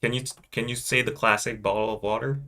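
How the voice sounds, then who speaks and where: A man's voice: medium pitch, little pitch movement, fast talker, pushed and bright. A man in his thirties hosting a podcast in casual chat, playful, laughing often and mimicking accents. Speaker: podcast host.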